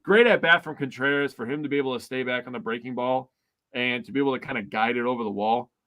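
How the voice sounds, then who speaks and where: Man, podcast co-host, casual sports recap, emphatic, mid pitch. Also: steady tone, fast, bright, forceful tone. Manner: emphatic, mock-outraged recaps.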